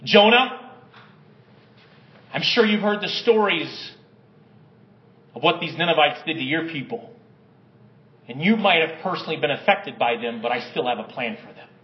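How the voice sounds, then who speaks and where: A man with a high voice preaches with passion, urging his congregation to answer back. His words ring through a reverberant church. The sound is a little dull and muffled. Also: animated, moderate pace, long pauses. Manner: impassioned, calls congregation to respond. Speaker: pastor. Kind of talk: sermon. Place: church sanctuary.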